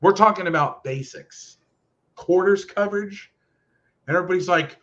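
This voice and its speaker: Male football host, fiery profane rant, slightly high voice, muffled lo-fi sound. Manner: animated, profane, fast ranting. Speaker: football podcast host and coach. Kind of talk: casual rant. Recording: lo-fi muffled audio.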